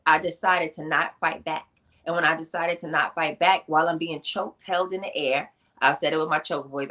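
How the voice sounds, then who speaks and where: A woman guest on a podcast, an author and speaker, telling her life story in an emphatic, animated, conversational way with slang asides. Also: deep voice. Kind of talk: personal storytelling in a podcast interview.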